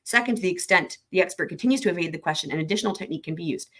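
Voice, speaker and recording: A woman's voice: fairly low pitch, rapid-fire, a bit bright. A woman hosting a livestream who reads legal text aloud and then breaks off to chat and answer viewer comments. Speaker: livestream host reading trial commentary. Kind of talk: casual explanatory livestream.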